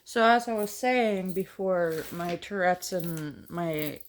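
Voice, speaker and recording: A woman talks through her makeup routine at home in an unhurried, slightly low voice. She rambles, trails off with frequent ums, and corrects herself mid-word. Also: a little hiss or hum. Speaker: makeup vlogger. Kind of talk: casual get-ready-with-me chat. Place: home, on a couch.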